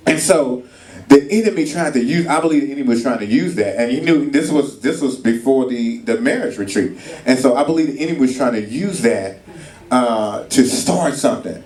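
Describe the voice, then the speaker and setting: A man's voice: mid-range voice, lively intonation, a little fast, a little mellow. A man preaching at a marriage retreat, telling stories in a casual, colloquial way with acted voices. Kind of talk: sermon. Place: hall at a church retreat. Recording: echoey room, mic far off.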